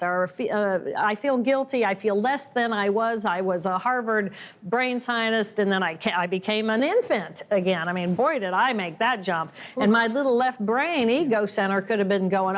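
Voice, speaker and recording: A woman guest in a conversational interview, speaking expressively and acting out inner voices as she explains. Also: normal speed. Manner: expressive, acts out inner voices with rising pitch.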